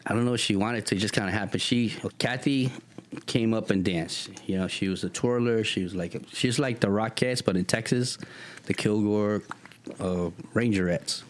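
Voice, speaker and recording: A man being interviewed, telling a story in a casual, animated way, with street slang and acted-out voices. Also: lowish voice, normal speed, slight background noise. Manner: animated, acts out voices in his stories. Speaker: guest.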